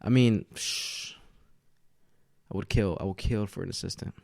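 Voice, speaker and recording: A man's voice: low voice, moderate pace, gravelly, darkish tone, no echo, studio quality. A man hosting a podcast alone at home, a bit tipsy from tequila, chatting in a loose, rambling way and laughing often. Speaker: podcast host. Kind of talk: casual solo podcast chat. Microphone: podcast mic with camera setup.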